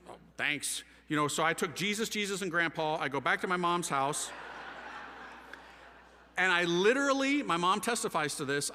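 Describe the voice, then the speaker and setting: A man with a bright, fairly high voice tells his story with lively energy, slipping into casual slang as he acts out both sides of a conversation. His voice rings with the long reverb of a large hall. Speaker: speaker giving his testimony. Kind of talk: animated storytelling talk.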